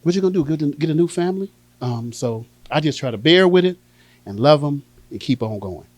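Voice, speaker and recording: A man with a high, lively voice does stand-up, swinging up and down in pitch as he acts out his relatives. The sound is close and dry, with no room echo. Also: fairly quick. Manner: animated storytelling, acting out family members. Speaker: stand-up comedian. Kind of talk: stand-up comedy set.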